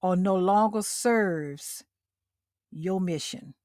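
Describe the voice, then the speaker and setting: A woman's voice: lowish voice, slow pace, mellow, dry recording, studio quality. A middle-aged woman hosting a motivational livestream talk, speaking directly to her listeners and repeating her key lines for emphasis. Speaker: host.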